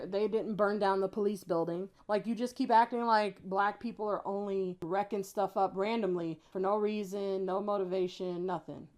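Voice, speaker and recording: A woman's voice: mid-range voice, a little mellow. Woman, casual commentary, indignant, rambling, filler-heavy. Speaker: YouTube commentator.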